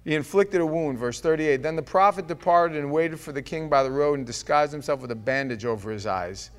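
Animated preacher guy, kinda high voice, cracks jokes and acts out the bible stories. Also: brisk, clear, resonant tone. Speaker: pastor. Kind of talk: sermon.

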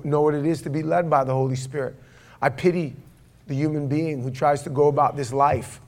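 A man's voice: a little high, a little mellow. A man preaching a casual sermon. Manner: conversational, asks the congregation questions. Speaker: pastor. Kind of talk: sermon with opening prayer. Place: church.

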